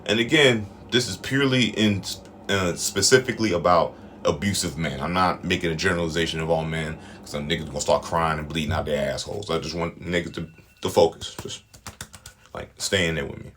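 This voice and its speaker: Man, very low voice, blunt, profane, emphatic, casual show commentary, faint background noise. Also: fairly quick, a bit bright.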